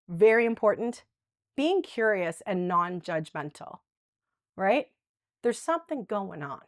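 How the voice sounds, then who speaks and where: Her fairly high voice comes through dry and clean, like a studio recording. She is running a live dementia workshop in a room full of attendees, chatting easily and checking in with "right?" again and again.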